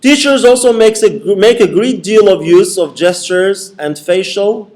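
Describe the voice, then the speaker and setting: Man lecturing a class, slightly high voice. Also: measured pace, a little mellow. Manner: explains by repeating points, checks in with "okay?". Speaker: university lecturer.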